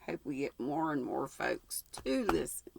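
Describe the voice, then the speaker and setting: Slow, gravelly, folksy Southern woman. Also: deep voice, big pitch swings, noisy background. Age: older. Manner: homey, folksy. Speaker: host reading a novel aloud. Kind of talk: audiobook reading and casual sign-off.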